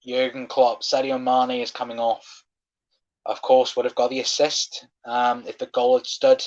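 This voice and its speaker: A young man calls a football match live for his watchalong audience, talking like a fan rather than a broadcaster. He chats through the play and gets worked up and swears when a decision goes against his side. His voice sits at an ordinary pitch and comes through a slightly dull, lo-fi home recording. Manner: excitable, swears when frustrated, chatty fan commentary.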